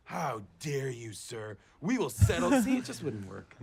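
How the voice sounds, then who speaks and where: An actor playing an excitable, intense ex-cop man in a TV sitcom, lurching between grim muttering and sudden outbursts. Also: a little high, vocal fry, heavily acted. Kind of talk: TV sitcom acting.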